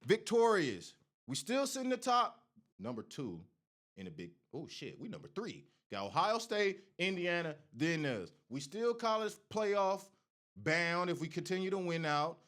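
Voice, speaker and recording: A man's voice: sits high, sing-song, measured pace, fairly bright tone. Fired-up man ranting about football. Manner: heated, profane trash talk; Oregon fan taunting rival fans. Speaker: sports show host. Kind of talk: college football commentary rant.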